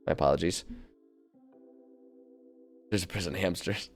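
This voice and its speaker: A man's voice: sits low, unhurried, creaky. A young man streaming, thinking aloud in a casual, rambling way with frequent laughs and filler words into a desk mic. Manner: animated and rambling, laughs often, many fillers. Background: faint music.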